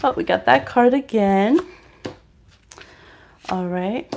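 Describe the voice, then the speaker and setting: A woman's voice: medium pitch, slow, creaky, darkish tone, slight background noise. Chatty woman giving live tarot readings. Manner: chatty, reads chat aloud, many fillers and "like". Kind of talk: casual live-stream reading.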